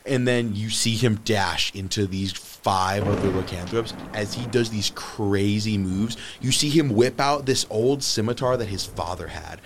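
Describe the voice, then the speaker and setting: Low-voiced man narrating a tabletop game. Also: a little slow, few pauses, a little hiss or hum. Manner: animated storytelling, swinging between hushed and loud. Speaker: game master.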